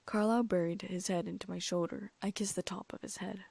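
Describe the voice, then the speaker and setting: A woman narrating a first-person audiobook, her voice breathy at times and often dropping to a whisper. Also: mid-range voice, fairly even intonation, brisk, a little mellow, no echo.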